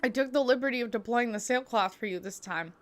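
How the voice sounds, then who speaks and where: A woman reading aloud the lines of a calm, precise female sword spirit from a game, in an even, formal way. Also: fairly high pitch, fast, music in the background, natural voice.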